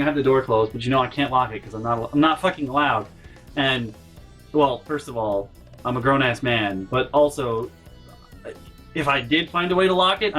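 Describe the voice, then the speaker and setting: A young man telling a rambling, profane storytime rant, exasperated and jumping off topic, often breaking into loud shouts. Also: mid-range voice. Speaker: vlogger.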